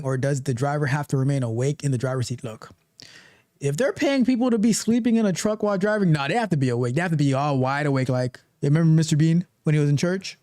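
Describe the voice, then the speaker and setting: A man hosting a live tech stream, talking casually with animated, repetitive joking asides. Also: fairly high pitch, no room sound, clean studio sound. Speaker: livestream tech show host.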